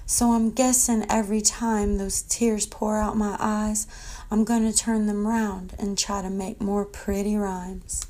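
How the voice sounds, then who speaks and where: A woman reciting a spoken-word poem with a slow, flat, despairing delivery. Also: mid-range voice, low-quality recording.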